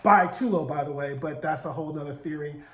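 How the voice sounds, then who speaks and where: A man in his forties giving a sassy, animated casual recap of a TV episode, acting out the characters' lines. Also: on the high side, fairly quick. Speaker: TV recap vlogger. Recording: roomy echo.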